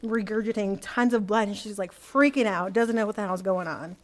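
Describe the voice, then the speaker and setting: A woman's voice: mid-range voice, brisk. A young adult woman telling a personal story as a podcast guest, casual and full of fillers like "like" and "you know.".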